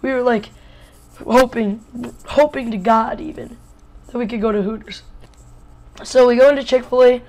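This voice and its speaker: A boy in his early teens from Wisconsin tells a storytime vlog in a slightly hoarse voice. He jokes and rambles, filling his talk with "like.". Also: very high voice, steady tone, normal speed, long pauses, a little mellow, low-quality recording. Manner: jokey, rambling, lots of "like" fillers. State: a little hoarse. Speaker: vlogger.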